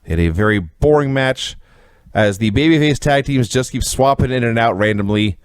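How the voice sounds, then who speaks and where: A man co-hosting a wrestling review show, chatting casually and recounting matches with animated storytelling. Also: mid-range voice, moderate pace, smooth, no echo, clean studio sound. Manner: animated storytelling, quoting others with put-on voices. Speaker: podcast co-host reviewing wrestling.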